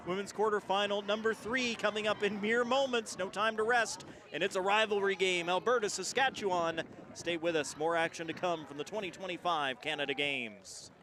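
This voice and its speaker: A man calling live rugby play-by-play as the main commentator, quick and energetic in his delivery. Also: sits high.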